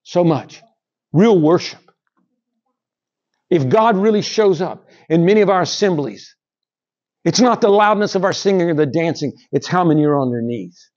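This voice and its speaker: A high-pitched male pastor delivers a sermon, rising to loud emphasis and then dropping to a near whisper. The recording is dull and lo-fi, like a simple church capture. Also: expressive, moderate pace, long pauses. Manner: dramatic preaching with wide swings between loud and hushed.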